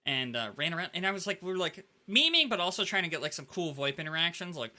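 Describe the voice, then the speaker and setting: A man hosts a laid-back gaming podcast and tells his stories with lively, animated energy. His voice sits a bit high and sounds very bright and cutting, and he keeps tossing "like" into nearly every sentence. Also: quick pace, few pauses. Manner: animated storyteller, heavy use of "like". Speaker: podcast host. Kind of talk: casual gaming podcast chat.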